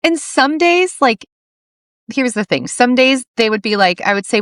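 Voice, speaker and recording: A woman's voice: a little high, animated, moderate pace, fairly bright tone, no echo, studio quality. A middle-aged woman hosting a podcast interview, talking earnestly and telling stories with quoted dialogue. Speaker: podcast host. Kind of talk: casual interview chat.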